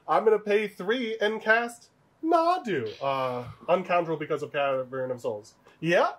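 A man playing a card game in casual chat, excitable, laughing often and swearing. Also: high voice, moderate pace.

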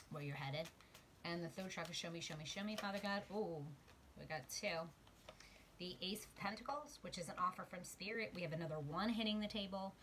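A woman giving a spiritual tarot reading to her viewers, emotional, shifting from quiet murmurs to excited exclamations. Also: lowish voice, very noisy. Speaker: tarot card reader. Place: outdoors.

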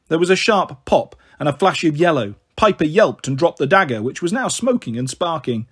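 A man narrating a storybook in a steady reading voice. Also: fairly high pitch, a little fast, few pauses, slightly rough. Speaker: audiobook narrator.

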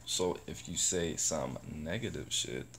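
A vlogger with a rumbling low voice and vocal fry talks a little slowly to the camera, with slight background noise. His casual self-talk vlog about positivity rambles, swears, and breaks into animated bursts.

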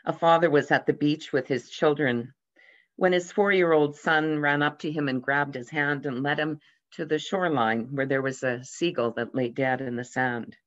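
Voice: medium pitch, normal speed. A pastor preaching a sermon, telling light humorous anecdotes and briefly raising the voice for the quoted characters. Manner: gently storytelling, lively voices for quoted characters. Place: church. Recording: dull lo-fi sound.

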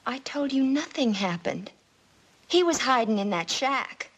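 A woman's voice: sits high, big pitch swings, a little slow, slightly rough, heavily acted, low-quality recording. A timid, pleading teen girl. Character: shy frightened teenage girl, pleading. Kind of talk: 1950s TV drama acting.

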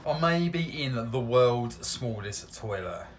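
A man's voice: medium pitch, lively intonation, slow, slight background noise. A man vlogging a family day out, joking and chuckling at his own lines as he films. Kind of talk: casual vlog chat. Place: outdoors at a park and in a car.

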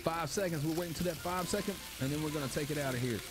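A man's voice: a little high, racing, very noisy. Flustered man narrating a cooking game. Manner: flustered, panicky, talks to viewers. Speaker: gaming YouTuber. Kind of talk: casual gameplay commentary. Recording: loud game music behind.

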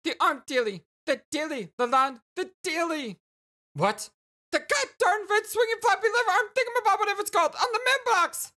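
A woman voicing a frantically excited teen girl in a game read-through, squealing and stammering as she hunts for words, with a stuffy, congested voice. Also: extremely high pitch, brisk, voice pushed up, full character voice. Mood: frantic.

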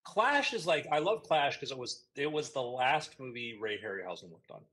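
A man's voice: medium pitch, expressive, moderate pace, sharp tone, rough recording. A man chatting casually on a podcast, enthusiastic and prone to going off on tangents. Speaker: podcast co-host. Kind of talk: casual chat.

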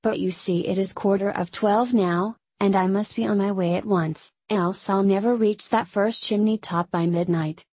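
Jolly old Santa Claus, hearty, kindly, storybook voice, as a woman reads him, husky, dry. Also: medium pitch, fairly even intonation, moderate pace, hardly any pauses, darkish tone, no echo, close to an everyday voice. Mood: kindly, hurried. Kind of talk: storybook read-aloud.

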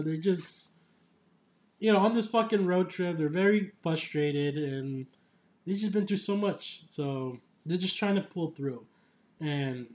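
Man, slightly high voice, excitable rambling film chat, dull lo-fi recording. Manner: rambling and enthusiastic, many fillers and restarts; laughs often mid-sentence. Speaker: film reviewer. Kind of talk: casual spoiler movie review.

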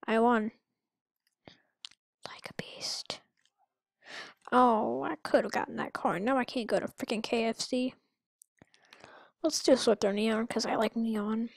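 A gamer narrates her own let's-play in a higher-pitched, gravelly voice with a steady tone, drawing things out slowly. She rambles and gets goofy, bursting into sudden squeaks. The recording is dry, with no room sound at all.

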